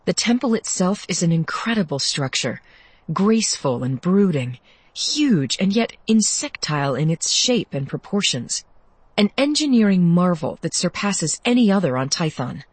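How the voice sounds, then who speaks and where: A woman reading an audiobook in measured scripted narration. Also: fairly low pitch, sing-song, husky, no room sound, low-quality recording.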